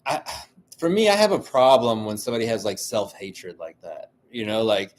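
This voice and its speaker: A man's voice: fairly low pitch, sing-song, moderate pace. A man hosting a solo podcast, ranting heatedly with heavy swearing and constant fillers. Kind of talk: casual monologue.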